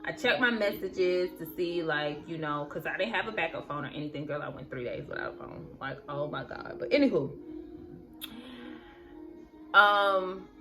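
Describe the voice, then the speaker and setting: A woman's voice: deep voice, expressive, moderate pace, over music. A young woman vlogging, telling a rambling personal story while she does her makeup, talking straight to her viewers. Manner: chatty, rambling, addresses viewers as girl and y'all.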